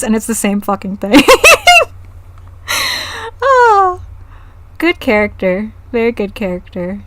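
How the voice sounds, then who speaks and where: Woman, fairly high voice, chatty, giggly, casual swearing, live-stream chat. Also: expressive, measured pace, long pauses, no room sound.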